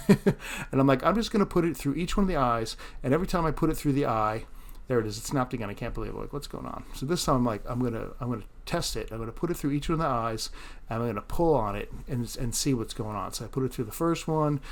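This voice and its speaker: A man narrating his fishing vlog in a casual, chatty way, often laughing at himself. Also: medium pitch. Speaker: fishing vlogger.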